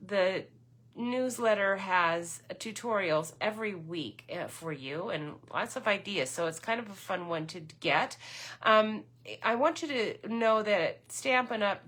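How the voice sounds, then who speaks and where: A woman's voice: medium pitch, a bit bright. A woman casually chatting through a papercraft tutorial, rambling with lots of ums and self-corrections. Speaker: papercraft demonstrator.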